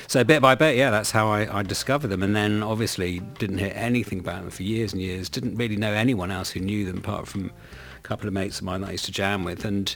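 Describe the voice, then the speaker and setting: A man's voice: fairly low pitch, fairly even intonation, a little fast, gravelly, fairly bright tone, soft background music. A middle-aged man from London, a guest in casual chat, telling rambling stories with many restarts. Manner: rambling, self-correcting storyteller.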